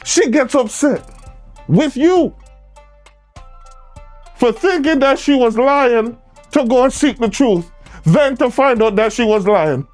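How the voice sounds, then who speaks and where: A man's voice: extremely high pitch, expressive, slow, long pauses, a little mellow, faint music behind. A man hosting a reaction commentary, lecturing his viewers in a preachy, direct way. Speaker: commentary host.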